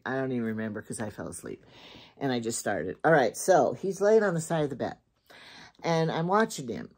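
An older woman with a low-pitched voice talks in a loose, chatty way. She rambles and repeats herself, thinking aloud as she goes through her shopping haul. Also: darkish tone. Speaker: shopping vlogger. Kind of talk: casual chat.

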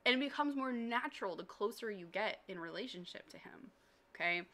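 A woman's voice: medium pitch, lively intonation, brisk, fairly bright tone. A woman hosting a devotional livestream, talking while walking, emotional and gushing as she reads chat aloud. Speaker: Christian community host.

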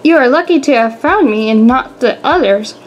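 A woman's voice: sits high, animated, moderate pace, dull audio, a little hiss or hum. A woman voicing a kind, curious female teacher who asks many surprised questions.

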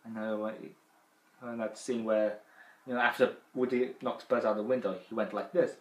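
A man's voice: lowish voice, steady tone, moderate pace, reverberant, low-quality recording. A man with a Yorkshire accent giving rambling, casual game commentary as a let's play host. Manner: rambling, chatty, trailing off.

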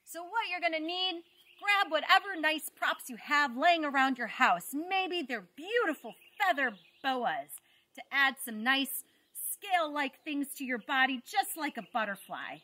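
Female kids' show host, high bright voice, encouraging studio delivery. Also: expressive, a little slow. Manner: cheerful, encouraging. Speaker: host of a children's science show. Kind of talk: upbeat instructions to kids.

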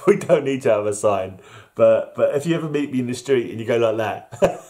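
A man's voice: medium pitch, mellow. A middle-aged man hosting a casual vlog, rambling and chuckling at himself. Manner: rambling, chuckling, self-deprecating. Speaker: vlog host. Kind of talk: casual solo vlog chat.

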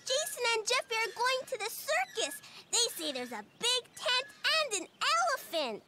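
A woman voicing a four-year-old cartoon boy, eager and easily upset, in a high childlike voice. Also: very animated, normal speed, heavy background noise. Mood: pleading.

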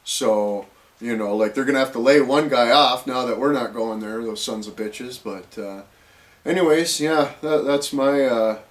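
A man's voice: mid-range voice, moderate pace. A man ranting casually to camera, rambling and profane, full of fillers and restarts. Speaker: vlogger.

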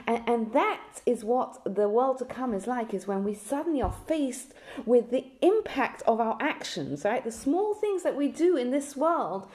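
A woman's voice: on the high side, expressive, a little slow, darkish tone. A woman teaching a lesson on a religious text, speaking earnestly and telling a story with frequent restarts.

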